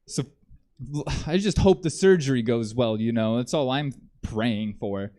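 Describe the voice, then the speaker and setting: Deadpan rambling male stand-up comic. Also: a little high, normal speed. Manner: rambling deadpan delivery, many ums. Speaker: stand-up comedian. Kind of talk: stand-up comedy set. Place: comedy theater stage.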